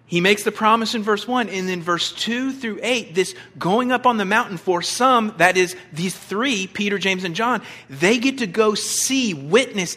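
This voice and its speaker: A man's voice: sits high, bright, forceful tone. A man preaching a conversational sermon, emphatic and direct, with rhetorical questions to the congregation. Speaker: pastor.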